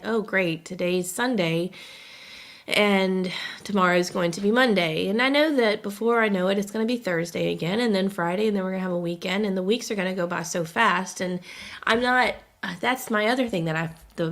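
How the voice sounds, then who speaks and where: A woman's voice: medium pitch, gravelly, a bit bright. A woman co-hosting a casual podcast, venting emotionally and holding back tears. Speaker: podcast co-host.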